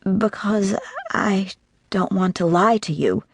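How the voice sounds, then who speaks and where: A woman's voice: mid-range voice, slow pace, breathy edge, dry recording, voice pushed up. A woman voicing a flustered young female assistant who tries to sound cheeky, in a lifted, eager tone.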